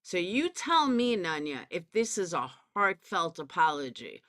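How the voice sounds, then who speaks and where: A woman's voice: on the low side, sing-song, unhurried, a bit bright. A woman with a Southern US accent giving a profane, sarcastic commentary rant, calling people out directly. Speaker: commentary YouTuber. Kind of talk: ranting drama commentary.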